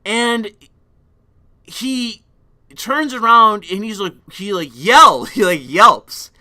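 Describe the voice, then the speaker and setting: Give me a young man on a casual stream, telling a story with loud, profane energy. His voice sits high and sounds very bright and clear.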